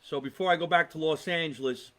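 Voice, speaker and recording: A man's voice: on the high side, quick pace, bright, forceful tone. A man with a New Jersey accent, a comedian hosting a casual live podcast, chatting and reading out viewer comments in a rambling way. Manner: chatty, rambling, exasperated asides.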